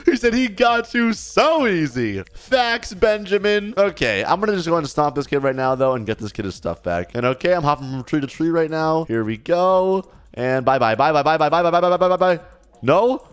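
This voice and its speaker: A young man giving excitable, teasing let's-play commentary as a gaming YouTuber. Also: a little high, clean tone. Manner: excitable, hyped, teasing, quick exclamations.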